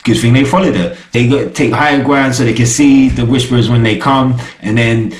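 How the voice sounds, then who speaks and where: A young man talks through a TV episode in loose street slang, tossing "you get me?" at the listener again and again. His voice sits at an ordinary middle pitch. The room around him is bare and echoey. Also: brisk. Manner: slangy, animated, keeps asking "you get me?". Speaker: TV show reviewer. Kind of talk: casual review chat.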